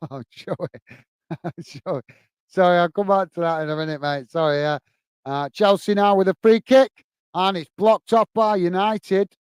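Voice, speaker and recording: A man's voice: high-pitched, steady tone, moderate pace, clear, resonant tone, dry recording. A man hosting a live football watch-along from home, commentating on the match and chatting with viewers, laughing often. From England.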